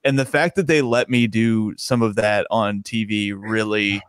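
A man's voice: lowish voice, fairly even intonation, unhurried, clear, resonant tone, dry recording. A man, a stand-up comedian, chatting casually in a podcast interview, rambling and restarting his sentences and laughing often.

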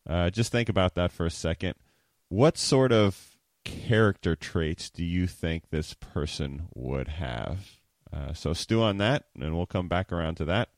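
A man's voice: deep voice, lively intonation, a little slow, no room sound, studio quality. A man hosting a podcast in a casual, chatty and upbeat monologue. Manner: chatty and upbeat, laughs easily. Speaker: podcast host.

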